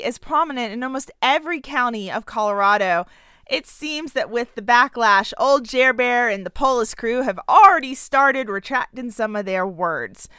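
A Southern woman gives a sarcastic, punchy opinion commentary in a bright, crisp voice. She sits fairly high for a woman, and the recording is dry and close. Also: no echo. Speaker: political commentator.

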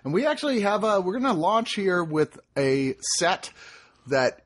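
Animated husky male podcast host. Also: high voice, measured pace. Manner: animated, rambling with restarts and swearing. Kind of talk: casual chat.

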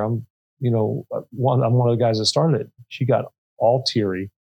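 A man's voice: on the low side, steady tone, a little fast, husky, highs cut off. A middle-aged man, a nonprofit co-founder and chief executive, speaking earnestly in a podcast interview and telling stories with many restarts. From Pennsylvania.

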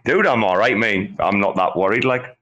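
A man's voice: on the low side, normal speed, a bit bright, highs cut off. A man hosting a casual live audio chat, swearing, joking and laughing through his talk. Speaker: host.

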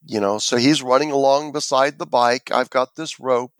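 A man in an interview shares a long personal tale, speaking in a mid-range voice at a moderate pace on a dry recording. He tells it animatedly, voicing the different people as he quotes them.

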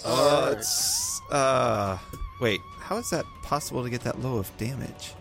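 A man playing a tabletop game, talking with hesitant pauses. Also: mid-range voice, wildly swooping pitch, gravelly, a bit bright, faint music behind. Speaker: player. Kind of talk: casual tabletop play.

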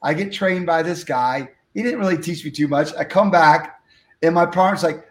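A man telling a story from his life as an interview guest, acting out the dialogue with lively energy. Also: on the high side, normal speed, echoey room. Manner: animated, acts out dialogue. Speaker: guest speaker.

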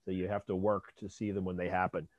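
A man's voice: deep voice, little pitch movement, fast, dry recording. A man hosting a podcast interview, affirming and summing up his guest's points. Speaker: podcast host. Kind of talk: interview conversation.

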